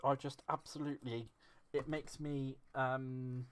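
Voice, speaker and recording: A man's voice: medium pitch, level tone, a little slow. Chatty man hosting a craft stream. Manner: chatty, rambling, self-deprecating, reads and answers chat. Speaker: crafting livestream host. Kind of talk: casual live-stream chat while crafting.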